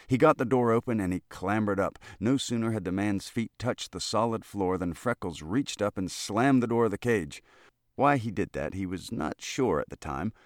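Deep-voiced male audiobook narrator. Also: no room sound, clean studio sound. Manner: steady, measured storytelling. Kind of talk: classic short story reading.

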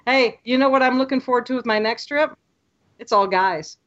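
A woman guest on a podcast, telling lively stories and acting out what people said. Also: on the high side, normal speed, muffled recording. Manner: lively storyteller, acts out quotes. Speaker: podcast guest, photography tour leader. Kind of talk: casual podcast chat.

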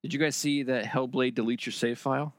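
A man co-hosting a gaming podcast, reacting quickly and fumbling words as he talks. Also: mid-range voice, fairly even intonation. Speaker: podcast co-host. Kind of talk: casual chat.

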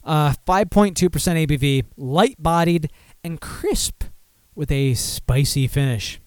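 Animated, ranting male podcast host. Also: fairly high pitch, measured pace, smooth, no room sound, clean studio sound. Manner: animated, mock-outraged outbursts and rambling self-talk. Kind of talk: casual live show chat.

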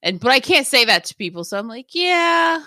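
A woman in her thirties co-hosting a podcast, chatting casually, telling animated stories, swearing freely and acting out what people said. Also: a little high, fast talker, no room sound, studio quality. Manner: animated storyteller, swears freely, acts out quotes. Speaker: podcast co-host. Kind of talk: casual chat.

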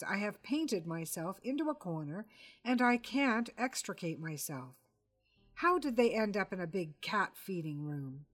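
A man's voice: high-pitched, fairly bright tone, heavily acted. A woman voicing a fussy, self-important male crime writer who talks in a pompous, exasperated way.

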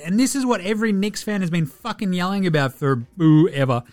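A man's voice: high voice, moderate pace, few pauses, a bit bright. An Australian man hosting a basketball podcast, talking in a brash, slangy way, swearing freely and laughing often. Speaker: podcast host. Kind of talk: casual sports commentary.

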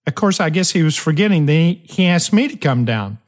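A man hosting a motivational podcast, telling a story emphatically with dramatic pauses and shifting pace. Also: a little high, very animated. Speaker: podcast host.

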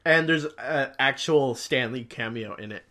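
A man's voice: medium pitch, unhurried, crowd noise. A young man co-hosting a casual podcast, laughing often and swearing freely. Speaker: podcast co-host. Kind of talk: casual chat.

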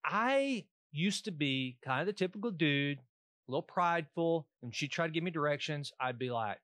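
Animated Texan man in his forties. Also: a little high, normal speed, no echo. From East Texas. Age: 40s. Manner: animated storyteller, acts out voices in anecdotes. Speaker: podcast co-host. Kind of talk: casual chat.

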